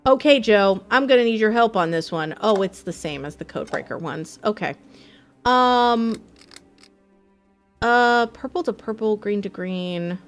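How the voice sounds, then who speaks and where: A woman streaming a game live, chatting in a bubbly, excitable way with her viewers. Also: mid-range voice, a little slow, soft background music. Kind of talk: casual live-stream chat.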